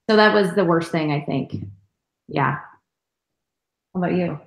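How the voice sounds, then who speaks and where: A woman's voice: lowish voice, normal speed, vocal fry, long pauses, roomy sound, poor audio. A woman in her thirties co-hosting a live stream, telling a story in a chatty, casual way. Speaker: co-host.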